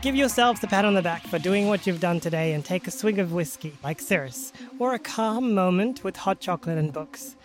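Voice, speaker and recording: Low-voiced woman podcast host. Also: lively intonation, brisk, few pauses, faint music behind. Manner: casual, rambling, hedging. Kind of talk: tabletop role-play narration.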